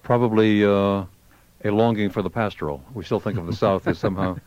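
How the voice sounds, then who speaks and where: A man hosting a radio call-in show, talking in a measured way with some fillers. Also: on the low side, darkish tone, no echo, highs cut off.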